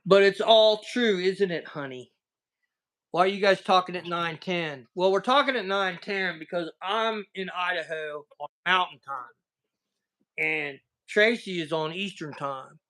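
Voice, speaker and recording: A man's voice: high-pitched, unhurried, pushed and bright. A man with a Southern American accent hosting a casual livestream chat, telling rambling, folksy stories over a video call. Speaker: livestream host.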